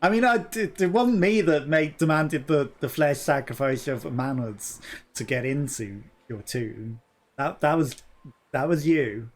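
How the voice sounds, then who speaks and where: A man's voice: a little high, expressive, measured pace. A man giving casual let's play commentary, joking crudely, laughing often and talking back at the game.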